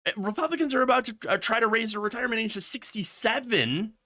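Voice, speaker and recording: A man's voice: high voice, expressive, quick pace, bright, forceful tone. A man hosting a political commentary livestream, ranting with sarcasm and then rambling through viewer messages. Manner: impassioned, ranting, with sarcastic mock quotes; rambling asides with fillers, reads chat messages.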